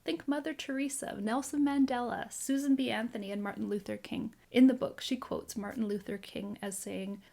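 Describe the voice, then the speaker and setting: Earnest woman with a gravelly voice. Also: fairly high pitch. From Canada. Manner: earnest, measured, gently encouraging. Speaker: occupational therapist and coach. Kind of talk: scripted talk to camera.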